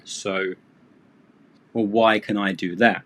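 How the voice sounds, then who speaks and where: A man's voice: fairly low pitch, fairly even intonation, slow, fairly bright tone. A man teaching English on a live stream, chatty and rambling, with self-deprecating asides.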